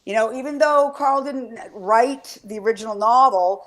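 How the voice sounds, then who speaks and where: A woman's voice: fairly high pitch, normal speed, fairly bright tone. A woman hosting a casual fan chat, rambling and swearing with enthusiasm, often trailing off mid-sentence. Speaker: podcast host.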